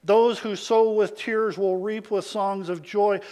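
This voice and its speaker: A man preaching a sermon, swinging from hushed lines to loud calls for amens and acting out the voices of his listeners. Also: high-pitched, steady tone, slow pace. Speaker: pastor.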